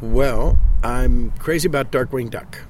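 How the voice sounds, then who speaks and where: Halting man in his sixties, outdoors. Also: mid-range voice, slight background noise. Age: 60s. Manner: halting, often repeating his words. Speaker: voice actor guest. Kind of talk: casual interview.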